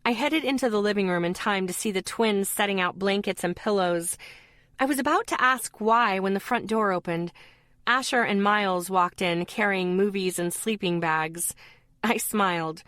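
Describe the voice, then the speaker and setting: A woman reading a fantasy audiobook as a first-person narrator in an even, storytelling manner. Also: medium pitch, moderate pace, no echo, studio quality.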